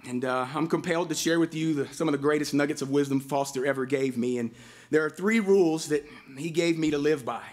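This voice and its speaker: A man's voice: a little high, a little fast. A man, a pastor, giving a heartfelt storytelling eulogy at a memorial. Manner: heartfelt, storytelling, breaks into lively voiced quotes.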